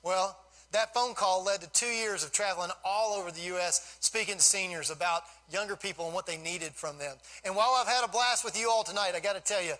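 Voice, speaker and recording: High, bright-voiced storytelling man. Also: a little fast, poor audio. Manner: folksy, animated storyteller. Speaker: guest motivational speaker. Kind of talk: storytelling speech to a live audience.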